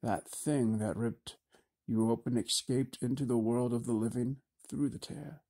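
A man reading an audiobook, voicing an old grandfatherly wizard who speaks in a calm, measured, reassuring way. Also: mid-range voice. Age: older. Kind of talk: audiobook character voice.

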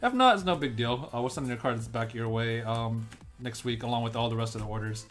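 A man's voice: medium pitch, a little fast, a bit bright, soft background music. A man hosting a livestream, chatting casually and joking as he opens card packs and thanks viewers by name.

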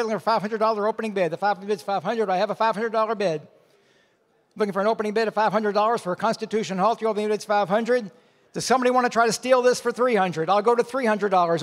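A man running a live charity auction, calling bids in quick repetitive runs. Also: sits high, in a large hall. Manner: rapid repetitive bid calling. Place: large event hall.

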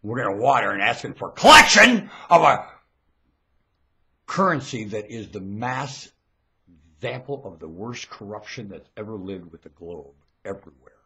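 A man delivering a preachy, ranting monologue into a webcam microphone, lurching between muttering and shouting. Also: on the low side, big pitch swings, moderate pace.

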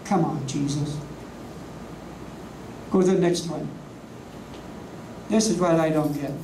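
A preacher teaching a class from slides, leaning on slow, emphatic words and rhetorical questions. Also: medium pitch, dark tone. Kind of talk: sermon with slides. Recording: echoey room, voice from a distance, faint hum.

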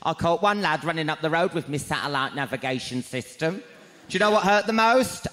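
A man doing a gossipy, camp stand-up routine, his voice jumping to high shrieks. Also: lively intonation, fairly quick. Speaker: stand-up comedian. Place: large arena before a live crowd. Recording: echoey arena, loud crowd laughter. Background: audience laughter.

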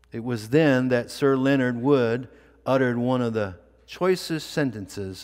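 A male pastor delivers a sermon at an unhurried, measured pace. He leans on repeated phrases for emphasis, and his voice sits at an ordinary middle pitch. A long reverb from the church sanctuary follows each line. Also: darkish tone.

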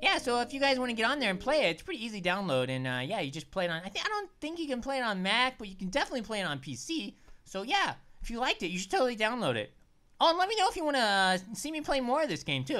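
A woman talks through a spooky game in a casual, chatty way, reacting loudly whenever something startles her. Her voice sits a little high and swings widely in pitch, rising sharply when she gets excited. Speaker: let's play host. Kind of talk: casual gameplay commentary.

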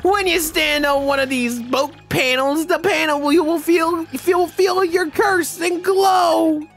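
A man voicing a cruel, theatrical demon from a video game, gloating over his victim with drawn-out taunts and shouts. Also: very high-pitched, soft background music, voice pushed up, heavily acted. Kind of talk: video game dialogue read-along.

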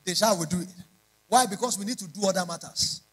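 A man's voice: high voice, quick pace, breathy edge, rough recording. A man preaching a sermon, emphatic and repeating lines in rising prayer chants. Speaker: pastor.

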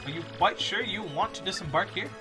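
A man voicing a polite boat sailor in a higher, formal voice. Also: expressive, fairly quick, over music. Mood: courteous. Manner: courteous, formal, keeps saying sir.

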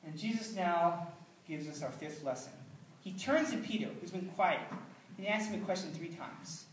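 A man's voice: high voice, moderate pace, slight background noise. Man preaching from far off in a roomy church. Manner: earnest conversational preaching with dry asides. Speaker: pastor. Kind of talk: sermon. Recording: roomy, distant mic, faint ambience.

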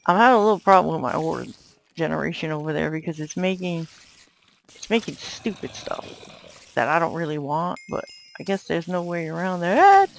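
A woman giving let's play commentary, yelling at enemies and muttering to herself. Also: on the low side, lively intonation, normal speed, vocal fry, a little hiss or hum, poor audio. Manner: exclaims and yells at enemies, then mutters to herself. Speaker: gamer.

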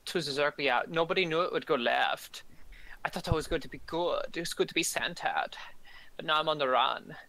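A man's voice: fairly high pitch, fairly quick, bright, forceful tone. A man playing on a game stream, chatting in a nervous, self-mocking way. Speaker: gaming stream co-player. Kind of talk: casual game chat.

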